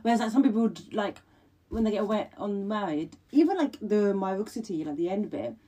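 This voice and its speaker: A woman, co-hosting a podcast in casual chat, giggling awkwardly and rambling quickly. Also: mid-range voice, animated, dark tone, slightly rough. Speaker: podcast co-host.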